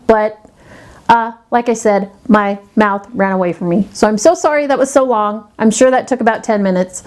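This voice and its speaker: A woman's voice: on the high side, a little mellow. A woman beauty vlogger chatting casually, animatedly telling a story and acting out the people in it.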